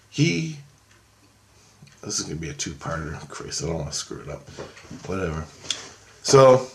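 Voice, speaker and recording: A man with a low, gravelly voice tells a story off the cuff. He rambles, swears freely and keeps backing up to fix his own words. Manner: rambling, profane, self-correcting. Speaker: vlogger recounting a dream. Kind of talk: casual spoken storytelling monologue.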